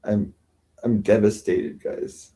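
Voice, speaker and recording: A man's voice: on the low side, little pitch movement, slow, dark tone. A man hosting a livestream, ranting sarcastically and with self-pity, often mocking others. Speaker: livestream host. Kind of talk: rambling livestream rant.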